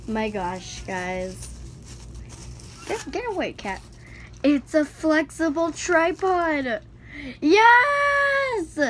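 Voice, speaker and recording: A woman vlogging casually from home as she unboxes things, excitable and exclaiming as she talks to the camera. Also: high voice, background noise. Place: at home indoors, a cat nearby.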